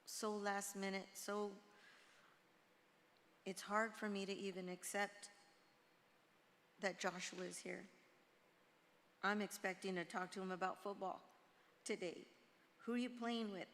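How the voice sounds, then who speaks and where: Woman, funeral tribute, flat halting delivery, long hall reverb. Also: medium pitch, slight background noise. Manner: halting, heartfelt, short phrases. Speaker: eulogy speaker. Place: church sanctuary.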